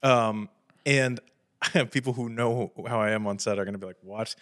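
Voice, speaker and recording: A man's voice: mid-range voice, fairly even intonation, normal speed, fairly bright tone. A man in his thirties hosting a podcast, chatting casually in a jokey, slangy way and swearing freely. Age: 30s. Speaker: podcast host.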